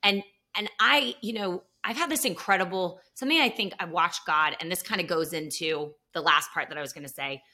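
A middle-aged woman, a guest actor, telling stories in a casual podcast chat and acting out quotes with energy. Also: fairly low pitch. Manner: animated storyteller, quick to act out quotes.

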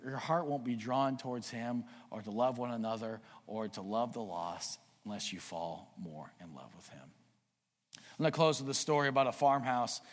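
A man preaching a sermon, earnestly urging his congregation and telling a story in an animated way. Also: mid-range voice. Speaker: pastor. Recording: long reverb of a hall.

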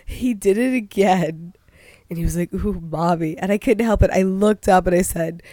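A woman's voice: mid-range voice, normal speed, dark tone, no room sound, studio quality. A young woman telling a funny story in casual chat, with a cold, laughing constantly and saying "like" a lot. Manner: giggly, laughs constantly mid-sentence, lots of likes. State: has a cold.

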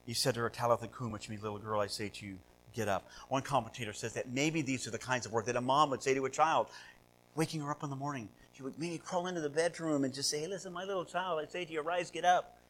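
A male pastor preaching a sermon, asking rhetorical questions and swinging between loud, animated passages and hushed ones. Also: mid-range voice, fast talker, slight background noise, low-quality recording. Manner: rhetorical questions, repeats words.

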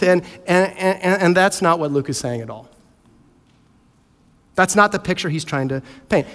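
A man preaching a sermon as pastor, animated and playfully acting out characters. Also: high-pitched. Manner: animated, acts out voices of characters. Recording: hall reverb.

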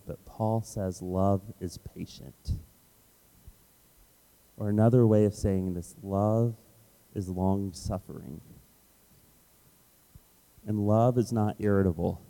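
A man with a low, dark, mellow voice gives a sermon. He tells a story about himself with lively storytelling and plays up his own frustration. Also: rough recording. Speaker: pastor. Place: Washington, D.C.

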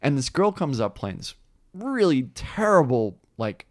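A man co-hosting a casual chat, telling stories in an animated, ranting way. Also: a little high, a little slow, no echo, studio quality.

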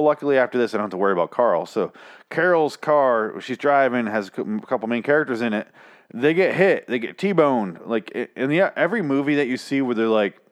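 A man giving a rambling, sarcastic, profanity-filled recap of a TV episode, mocking the characters in silly voices. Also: on the low side. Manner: sarcastic, rambling, swears a lot. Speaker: show recapper.

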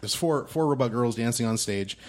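A man's voice: medium pitch, brisk, a little mellow. A man narrating as game master of a tabletop game, playful and improvising as he goes.

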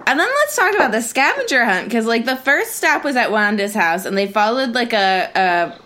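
A woman's voice: fairly high pitch, expressive, normal speed, pushed and bright, a little hiss or hum. A young woman co-hosting a podcast in casual chat, rambling along with lots of fillers and restarts. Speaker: podcast co-host.

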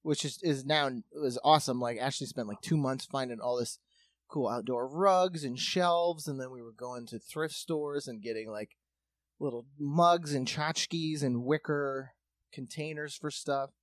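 A man's voice: mid-range voice, a little slow, dry recording, studio quality. A man telling a long story in casual comedic chat, swearing freely and acting out what others said. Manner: profane, animated, acts out quotes.

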